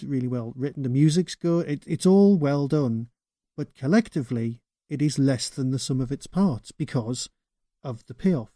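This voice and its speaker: A man's voice: mid-range voice, dark tone, dry recording, clean studio sound. A man co-hosting a podcast, giving wry, opinionated takes in casual chat. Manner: opinionated, wry, explains plainly. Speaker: podcast co-host.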